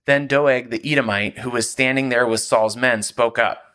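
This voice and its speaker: A man reading scripture aloud in a steady, clear way. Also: mid-range voice, normal speed. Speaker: scripture reader.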